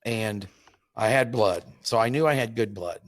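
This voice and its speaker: Male hunting host, low voice, dry close recording, rambling casual storyteller. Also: dry recording. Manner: rambling, halting, with many restarts and fillers.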